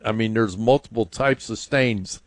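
Low-voiced man giving call-in home advice. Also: a little slow, dry recording. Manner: hesitant, thinking aloud, with many fillers and restarts. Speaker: home improvement radio show host.

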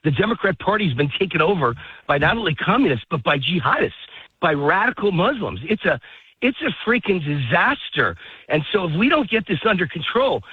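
Man, out of breath, ranting, husky, tinny phone line. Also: high-pitched, big pitch swings, a little fast, no room sound. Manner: heated, ranting. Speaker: phone-in guest. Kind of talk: political talk radio interview. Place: outdoors, walking a dog in a park.

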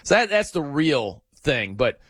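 Male sports radio host, lively, high-ish voice, dry close mic, animated storytelling. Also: a little slow, no room sound. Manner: animated, excitable storytelling with dramatic pitch swings. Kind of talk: casual sports talk monologue.

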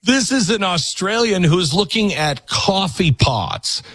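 A man's voice: sits high, very animated, slow, noisy background. A man hosting a talk show, delivering an impassioned, preachy monologue to a studio audience. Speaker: host.

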